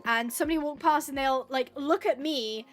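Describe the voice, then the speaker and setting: A woman's voice: high voice, brisk. A woman streaming a game live, chatting casually and rambling, laughing often and acting out little quotes. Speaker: gaming streamer.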